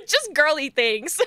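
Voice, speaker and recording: A woman's voice: high voice, pushed and bright, slight background noise. A young woman streaming a game, chatting casually, giggly and playful with crude jokes.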